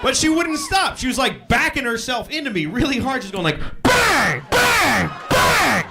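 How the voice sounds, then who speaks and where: Crude, lively stand-up comedian man. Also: extremely high pitch, fairly quick, a loud crowd, very noisy. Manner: crude, self-deprecating, conversational. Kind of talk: stand-up routine. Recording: live stand-up with audience laughter. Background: audience laughing.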